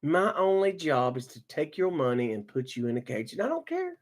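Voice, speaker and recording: A woman voicing a callous male police officer, speaking low, flat and contemptuous. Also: moderate pace.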